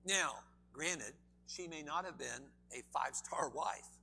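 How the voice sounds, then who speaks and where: A man's voice: on the high side, unhurried, bright, forceful tone, slight background noise. A man preaching a sermon in a church, emphatic and full of questions to the congregation. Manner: emphatic, asks the audience many questions.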